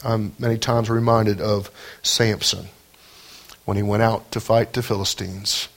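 A man preaching a sermon, emphatic, climbing high on scripture and key points and often repeating words as he starts a phrase. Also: level tone, measured pace. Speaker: pastor.

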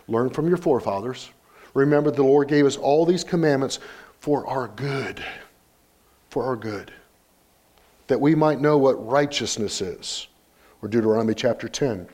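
Delivering a sermon, an older pastor reads Scripture with mounting emphasis, pressing his message through rhetorical questions and repetition. He has a mellow, expressive mid-range voice, speaking a little slowly and pausing often.

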